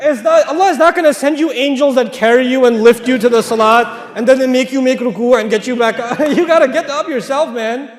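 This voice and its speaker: High-voiced preacher in an echoing hall. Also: male voice, brisk, few pauses. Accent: American. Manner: direct, joking, lecturing. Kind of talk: humorous sermon. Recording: echoey hall with long reverb.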